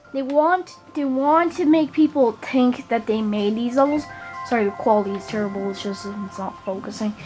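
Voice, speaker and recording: Her voice on the high side, a gaming channel host gives earnest, halting commentary on her gameplay. Complaining, she frequently repeats words.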